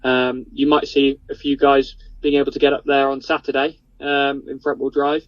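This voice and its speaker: A racing driver calling in as a guest, speaking in a measured, hesitant way. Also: male voice, mid-range voice, completely flat delivery, highs cut off. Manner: measured, hesitant with ums and you knows.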